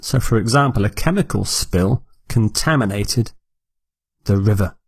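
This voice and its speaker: A man teaching English vocabulary, repeating each word clearly and explaining it for learners. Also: lowish voice, expressive, unhurried, dry recording. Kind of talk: slow, deliberate vocabulary lesson.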